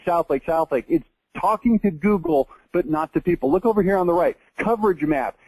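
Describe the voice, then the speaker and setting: Man, 40s, from texas, blunt marketing tutorial, mellow tone, dry close sound. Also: high voice, slightly rough, no room sound, low-quality recording. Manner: blunt, emphatic, mocking asides. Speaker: marketing presenter. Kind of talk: screen-share marketing tutorial.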